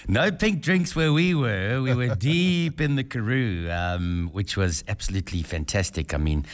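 A male radio co-host with a low voice that rises and falls a lot. He tells stories in a relaxed way, often repeating words as he goes. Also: measured pace. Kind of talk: morning radio chat.

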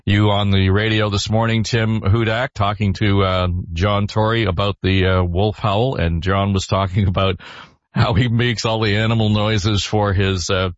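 Male host, lowish voice, easygoing and chatty, dull dry sound. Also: no echo. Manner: relaxed, chatty, with many filler pauses. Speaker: podcast host. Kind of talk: casual panel chat.

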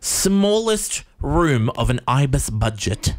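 A man co-hosting a casual chat show, telling stories in a rambling, animated way full of fillers. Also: mid-range voice, slow pace. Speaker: podcast co-host.

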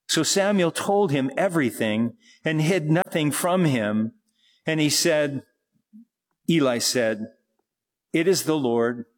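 Slow, earnest male preacher. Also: fairly high pitch. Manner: slow, earnest Bible teaching, rising to emphatic preaching. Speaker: pastor. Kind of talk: sermon.

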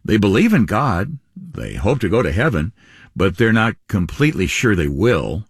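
Male co-host, husky lower voice, very animated delivery, dry close mic. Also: normal speed, dry recording. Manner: lively, upbeat, with wide pitch swings. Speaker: radio program co-host. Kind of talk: radio ministry announcing.

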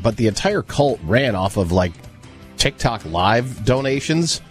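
Lively low-voiced Midwestern man. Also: normal speed, soft background music. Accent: American Midwest. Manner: animated, laughs easily. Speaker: podcast co-host. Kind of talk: casual comedic podcast chat.

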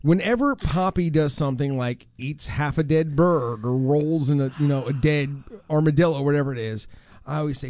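A man hosting a radio show, telling a story in an animated, teasing way. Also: a little high, moderate pace, no echo. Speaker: radio host. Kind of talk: morning radio banter. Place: radio studio.

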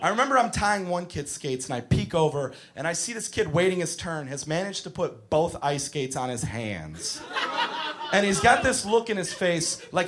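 A male stand-up comic with a notably high voice, exasperated and shouting his punchlines. He speaks into a handheld mic in a live club, and a crowd laughs clearly behind him. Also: very animated, normal speed. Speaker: stand-up comedian, camp counselor. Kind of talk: stand-up comedy. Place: comedy club stage. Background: audience laughing.

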